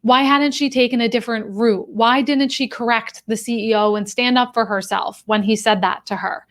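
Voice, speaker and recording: A woman's voice: fairly high pitch, fairly even intonation, normal speed, a bit bright. Female coach, live-stream talk, direct and conversational with her audience. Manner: direct, conversational, addresses viewers. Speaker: career coach and professor of human behavior.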